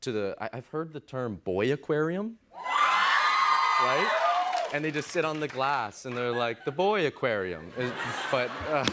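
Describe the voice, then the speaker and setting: A man's voice: mid-range voice, a little slow, over a noisy crowd, very noisy. A young man, an actor guest on a late-night talk show, laid-back and giggly, full of likes and ums. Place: television studio with audience.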